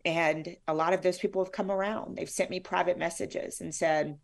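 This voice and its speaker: A woman's voice: on the low side, steady tone, moderate pace, vocal fry. A middle-aged woman, a former sportscaster, telling stories in a bubbly, effusive way as a guest in an interview. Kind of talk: conversational interview.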